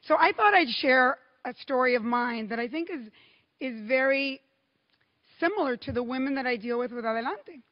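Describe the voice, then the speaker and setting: Delivering a keynote, a high-voiced, middle-aged woman from Cuba tells stories with lively rhythm and pointed pauses. The audio is dull, and her words ring out across a big hall with a long, trailing reverb.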